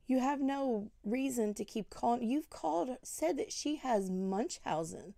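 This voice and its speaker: A woman's voice: a little high, expressive, a little slow, gravelly, few pauses, mellow, no echo, studio quality. A woman scolding another online creator in a commentary vlog, indignant and full of rhetorical questions. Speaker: commentary vlogger.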